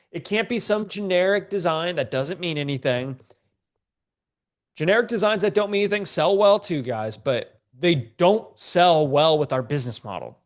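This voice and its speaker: A congested man runs a live-streamed business lesson in a loose, joking, slangy manner. His voice sits a touch higher than most men's. He addresses his viewers directly and keeps the tone informal. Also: expressive, moderate pace. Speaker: online business coach. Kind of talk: live-streamed teaching session.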